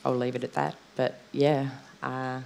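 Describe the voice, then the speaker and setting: A woman's voice: very deep voice, little pitch movement, unhurried, vocal fry, a little mellow. A woman giving a eulogy for her father, speaking hesitantly with many fillers. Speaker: daughter speaking at a funeral.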